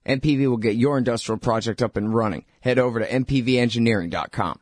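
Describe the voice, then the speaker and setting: Male host racing through an ad spot, crisp and dry. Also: mid-range voice, dry recording. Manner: brisk scripted read. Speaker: host reading an ad. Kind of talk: read sponsor ad.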